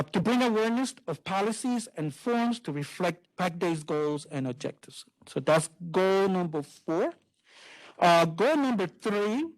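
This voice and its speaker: A woman, out of breath, giving a chatty town hall update on committee groups, with many fillers. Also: lowish voice. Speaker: college committee lead.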